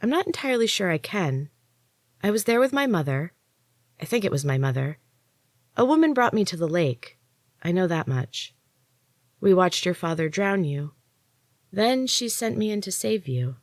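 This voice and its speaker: Woman reader as a gruff, weary young woman warrior, blunt and begrudging, in a dry storybook reading. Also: lowish voice, very animated, moderate pace, long pauses, no room sound, voice pushed up. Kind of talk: audiobook reading.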